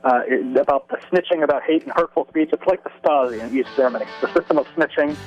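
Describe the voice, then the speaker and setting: A man answers a radio host's question in a quick, earnest and articulate way. His voice comes through a dull, lo-fi line. Faint music plays underneath. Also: a little high. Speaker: radio guest, policy analyst. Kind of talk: interview answer.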